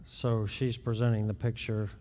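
A middle-aged man co-hosting, talking in a deliberate way with halting restarts. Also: on the low side, level tone, dark tone, in a large hall. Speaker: co-host, husband. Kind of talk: casual chat.

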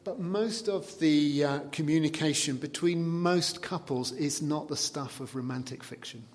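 A man preaching a sermon in a conversational way, dropping soft and low to quote scripture. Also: unhurried. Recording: long reverb of a large hall.

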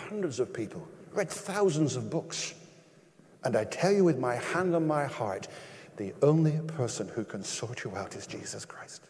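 An older man preaching from the pulpit in an emphatic, pleading way. He fires rhetorical questions and leaps up in pitch and volume to drive points home. His voice rings out with the long echo of a church hall. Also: a little mellow. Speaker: pastor. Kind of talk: sermon.

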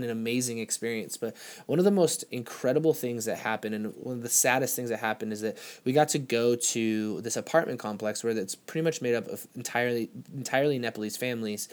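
A young man preaching a sermon, telling a story earnestly and often restarting his words. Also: medium pitch. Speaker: pastor.

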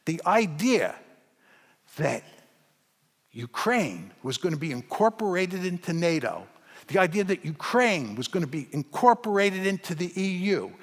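A man lecturing an audience in a large hall, his voice trailing off into a long reverb. He speaks a little high for a man and argues his case with forceful, repeated emphasis. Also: very animated, a little slow. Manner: forceful, argumentative, emphatic repetition.

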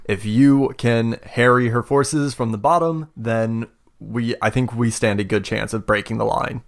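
A man voicing a calm woman ally leader. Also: medium pitch, unhurried, gravelly.

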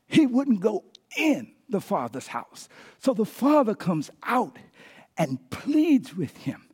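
A male pastor preaching a sermon with animated call-outs to the congregation. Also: sits high, slow, breathy edge.

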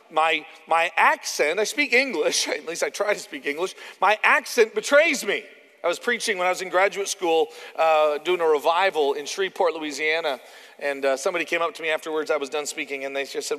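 A man with a Canadian accent preaching a conversational sermon, animated and often acting out the quotes he tells. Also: a little high, fairly quick. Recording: long hall reverb.

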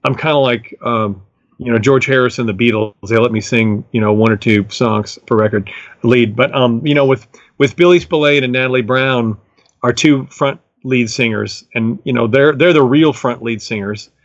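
A man's voice: mid-range voice, normal speed, dry recording. A middle-aged man talks about his music as a guest, enthusiastic and rambling. His speech is full of fillers and restarts. The recording sounds dull and dry. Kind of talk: casual storytelling interview.

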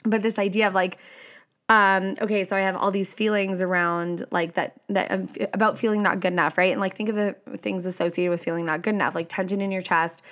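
A woman's voice: mid-range voice, steady tone, fairly quick, a bit bright. Young woman, podcast host, casual monologue, chatty, lots of fillers, swears freely.

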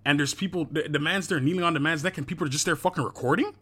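A man hosting a podcast, talking in an emphatic, animated way and swearing casually in a group discussion. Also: fairly high pitch, very fast, husky.

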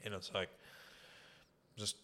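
A man's voice: slow pace, bright, forceful tone. A man, a guest on an interview show, telling casual, profane, rambling stories with lots of fillers. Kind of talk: casual storytelling.

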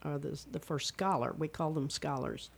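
An older woman from Eastern Kentucky with a regional accent, a retired speech and theater teacher telling stories in a relaxed interview and acting out voices as she goes. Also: deep voice, moderate pace, vocal fry, slightly rough. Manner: animated storyteller, demonstrates voices. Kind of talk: casual interview chat.

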